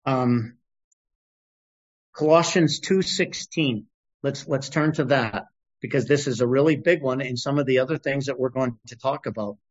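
A middle-aged man teaching a sermon in an informal, animated way, reading scripture aloud. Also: mid-range voice, moderate pace. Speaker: pastor. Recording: dull lo-fi recording.

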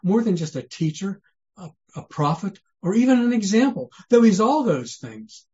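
A man's voice: high-pitched, big pitch swings, moderate pace, warm tone. A man preaching a sermon in an earnest, conversational way. He asks many rhetorical questions and often restarts his sentences. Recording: dull lo-fi sermon recording.

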